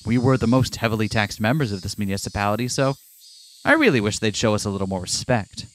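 A man's voice: lowish voice, animated, fast talker, a little hiss or hum. A man, host of a gaming show, reads a visual novel aloud with dramatic narration and trades jokes with his co-host. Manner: dramatic reading mixed with joking asides. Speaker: let's play host. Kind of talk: reading a visual novel aloud with casual commentary.

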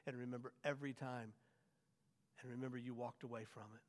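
A man preaching a sermon as pastor, swinging from hushed lines to loud, drawn-out emphasis. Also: mid-range voice, flat delivery. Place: church sanctuary. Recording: long church hall reverb.

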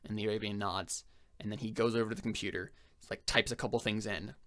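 A young man running a tabletop game as game master, telling the scene in a casual, halting way full of fillers. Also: lowish voice, steady tone, a bit bright. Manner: halting, filler-heavy storytelling.

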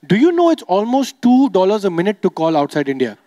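High-voiced man doing stand-up. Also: huge pitch swings, fairly quick, few pauses, mellow, long reverb tail. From United Arab Emirates. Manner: chatty, teasing, crowd work. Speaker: stand-up comedian. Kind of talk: stand-up comedy. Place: comedy stage before a live audience.

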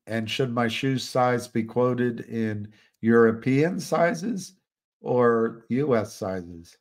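A man's voice: medium pitch, extremely slow, a little mellow. An older man hosting a live stream, chatting casually and rambling with frequent restarts. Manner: rambling, musing, many restarts. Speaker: livestream host.

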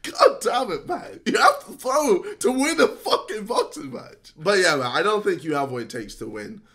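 A man ranting straight to camera in a frustrated, scolding way, sometimes shouting and laughing between points. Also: high voice, sing-song, moderate pace. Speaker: YouTuber. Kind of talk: direct-to-camera rant.

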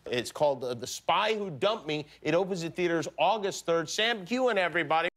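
A man's voice: fairly high pitch, lively intonation, normal speed. A middle-aged man hosting a late-night talk show, asking dry, joking questions.

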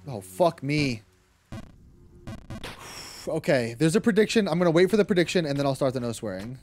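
A man's voice: on the high side, animated, moderate pace, darkish tone, soft background music. A young man streaming a game, chatting casually, reading chat aloud, laughing often and swearing freely. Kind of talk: casual live-stream chat while gaming.

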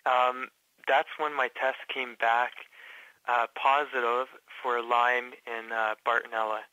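A man from Canada speaks in a bright, sharp voice that stays flat in pitch, stumbling through fillers and restarts as he tells his story. The sound is dry and close, with no room around it. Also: no echo, poor audio. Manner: halting, many fillers and restarts. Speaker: patient guest. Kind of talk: casual interview.

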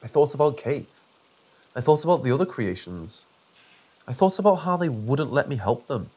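A man narrates a first-person horror story at a steady, measured pace. His voice sits at an ordinary pitch for a man, and his delivery stays even. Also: husky.

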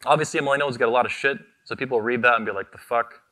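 Man, convention keynote, combative, profane, punchy repeated lines, sharp bright voice. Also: mid-range voice, racing. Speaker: keynote speaker, convention founder. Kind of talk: fiery convention keynote speech. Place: convention venue stage.

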